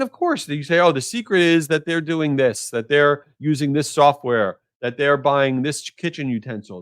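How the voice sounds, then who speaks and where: A man hosting a solo podcast, talking energetically in a jokey, animated way with strong opinions. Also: fairly high pitch, no room sound, studio quality. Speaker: podcast host.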